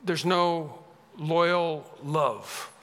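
A man's voice: a little high, drawn-out words, a bit bright. A man preaching a sermon, emphatic, often repeating phrases with rising force. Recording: reverberant hall.

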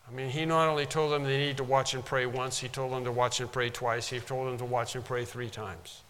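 A man's voice: medium pitch, little pitch movement, brisk, a bit bright, a little hiss or hum. A man preaching a sermon, teaching from a Bible passage with emphatic repetition. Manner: emphatic, repeats for stress. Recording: long hall reverb.

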